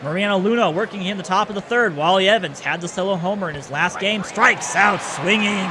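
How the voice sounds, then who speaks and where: High-voiced excitable male game commentator. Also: a little fast, background noise. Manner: excitable, rising on big plays, self-correcting. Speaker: play-by-play commentator. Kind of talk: baseball video game commentary.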